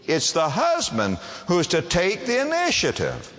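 A man preaching a sermon to a congregation, emphatic and quick to ask them rhetorical questions. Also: mid-range voice, wildly swooping pitch, fairly bright tone, long reverb tail.

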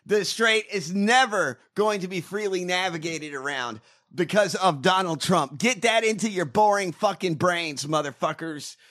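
A man ranting in a casual chat, animated and full of cursing. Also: high voice, normal speed. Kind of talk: casual profane political rant.

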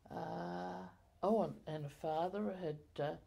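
An older woman recalling her community life in an oral history interview, halting with many fillers and self-corrections. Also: on the low side, gravelly, dark tone.

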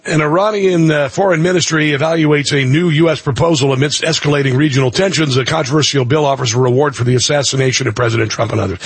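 Husky-voiced man ranting on talk radio. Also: on the high side, dry recording. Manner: rambling and blunt, full of "uh" restarts. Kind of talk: opinionated talk radio commentary.

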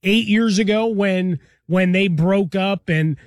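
A man with a fairly high voice, co-hosting a sports show in a relaxed, wandering way and reaching for homespun comparisons. The sound is dry and close, recorded right on the mic. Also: slow, dry recording. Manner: relaxed, rambling, uses folksy analogies. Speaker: sports talk show co-host. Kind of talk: conversational sports radio analysis.

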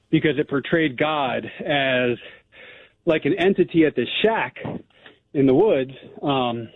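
A man phones in to a radio talk show, his voice pitched a little high and squeezed through a narrow, tinny phone line. He talks casually, scattering "like" and "um" through his sentences. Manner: casual, filler-heavy with "like" and "um". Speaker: caller. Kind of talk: call-in conversation.

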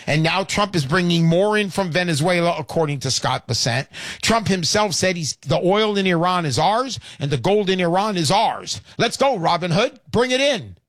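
A man's voice: sits high, animated, normal speed, fairly bright tone, no room sound, studio quality. Emphatic hard-selling male radio host. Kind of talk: talk radio sales pitch.

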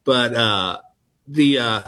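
A man's voice: mid-range voice, slow pace. Laid-back comedian in his sixties. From Texas. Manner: relaxed, anecdotal, self-deprecating. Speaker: stand-up comedian guest. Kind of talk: storytelling interview chat. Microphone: phone call-in.

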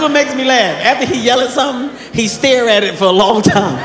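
A male stand-up comedian telling stories on stage, animated and often laughing through his own jokes. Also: extremely high pitch, normal speed. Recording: live club, crowd noise, long reverb.

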